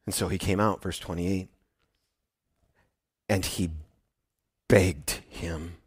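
A male pastor preaching an animated sermon, swinging from hushed tones to loud emphasis as he tells a story. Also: sits low, slow pace, husky, no echo.

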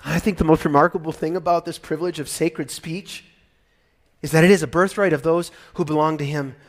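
A man in his fifties preaching a sermon, moving from soft, intimate talk to loud, exclaiming passages, often laughing. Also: on the high side, fairly even intonation, brisk. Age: 50s.

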